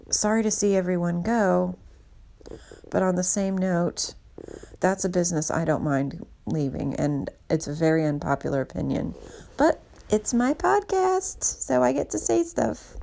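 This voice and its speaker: A woman's voice: fairly low pitch, gravelly, mellow, slight background noise. A woman hosting her own podcast, talking in a candid, rambling and self-deprecating way as a casual monologue. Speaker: podcast host.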